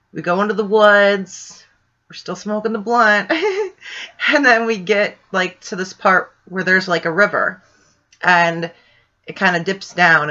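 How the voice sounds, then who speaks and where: A woman from Ohio tells a story in a loose, rambling way, leaning on "like" and "right?". Her voice is bright and forward. The recording is a little dull and lo-fi. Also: lowish voice. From Ohio, USA. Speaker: vlogger telling a paranormal story. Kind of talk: casual storytelling.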